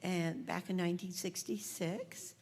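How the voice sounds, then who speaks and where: A woman's voice: on the low side, a little slow, slight background noise. A woman in her seventies, a singer and band leader, chatting and telling stories between songs on a live music stage. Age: 70s. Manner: relaxed storytelling with laughs. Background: band instruments, guitar.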